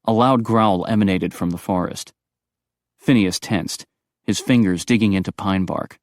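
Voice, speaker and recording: A man reading audiobook narration in a brisk, expressive storytelling manner. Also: sits low, no echo, studio quality.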